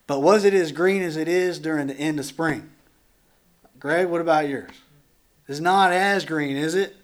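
Animated pastor teaching a congregation. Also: male voice, on the high side, measured pace, long pauses. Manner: animated, acts out dialogue, jokes with the congregation. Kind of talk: conversational Bible teaching. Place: church.

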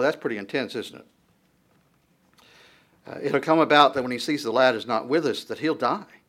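In a mid-range, slightly bright voice, a man preaches a sermon, reading verses aloud and then explaining them in a conversational, searching manner. His voice lifts on the quoted lines, and he restarts himself now and then.

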